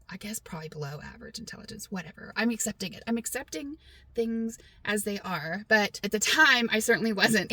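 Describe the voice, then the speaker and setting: A woman's voice: lowish voice, bright, forceful tone. Chatty Texan woman vlogging. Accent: mostly neutral American, light Southern Texas twang at times. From Texas. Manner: chatty and self-deprecating, with frequent fillers. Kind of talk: casual talk to camera.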